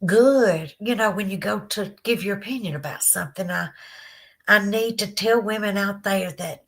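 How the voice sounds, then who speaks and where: A woman's voice: medium pitch, moderate pace, a bit bright. A woman in her fifties with a Southern American accent, hosting a live podcast. She tells a painful personal story candidly and fights back tears, rambling with fillers as she answers viewer comments. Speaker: podcast host.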